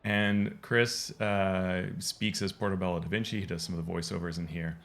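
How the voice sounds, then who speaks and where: Low, gravelly man narrating gameplay. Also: steady tone, normal speed, a bit bright. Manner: rambling, full of ums and restarts, explanatory. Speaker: game lore video host. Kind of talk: casual gameplay commentary.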